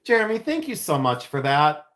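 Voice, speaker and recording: A silversmith livestreams from his jewelry studio, chatting effusively and casually with viewers, laughing often and thanking them. His voice is fairly high and fairly bright, very animated, at a moderate pace.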